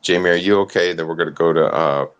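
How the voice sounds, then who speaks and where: Man, very low voice, easygoing host of a casual online talk. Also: fast, clean tone. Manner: laughs easily, informal, welcomes listeners. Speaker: host of an online audio space. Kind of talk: casual chat and hosting.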